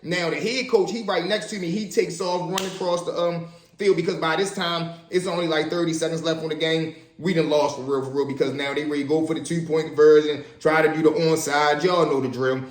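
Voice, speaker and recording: A man telling stories from his own life in a casual, animated way, acting out the voices of the people in them. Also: fairly high pitch, fairly quick, echoey room. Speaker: storyteller. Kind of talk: casual spoken storytelling.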